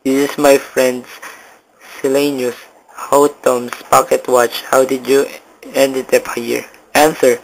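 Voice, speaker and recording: A man's voice: mid-range voice, little pitch movement, slow, gravelly, slight background noise, poor audio. A young man reading the lines of a stern old soldier, brusque and suspicious, in clipped questions.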